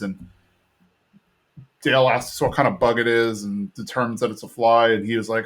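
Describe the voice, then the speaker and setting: A podcast host casually recaps a cartoon episode, retelling its scenes and acting out the characters. He has a medium-pitched voice with fairly even intonation and a moderate pace broken by long pauses.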